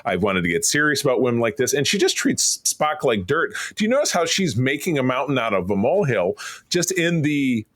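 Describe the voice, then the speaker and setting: A man co-hosting a podcast in casual chat, animated and quick to laugh, sometimes mimicking characters. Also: medium pitch, no room sound, clean studio sound. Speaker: podcast co-host.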